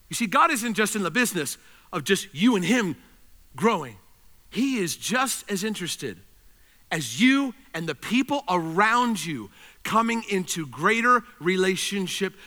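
A man preaching a sermon, animated, swinging between loud emphasis and quiet intensity. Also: high-pitched. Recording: reverberant hall.

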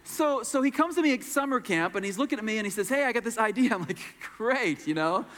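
A middle-aged man preaches and tells a story from the pulpit. He acts out the people in it in a high, very lively voice. A long reverb from a large hall trails behind him. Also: fast. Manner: animated storyteller acting out voices. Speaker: pastor. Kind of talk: sermon storytelling.

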